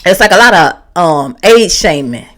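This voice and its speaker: A woman's voice: fairly low pitch, moderate pace. A woman, giving a candid, sassy motivational talk to the camera and acting out the voices she quotes. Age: 50s. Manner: sassy, animated, slangy, acts out quoted voices. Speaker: vlogger and comedian.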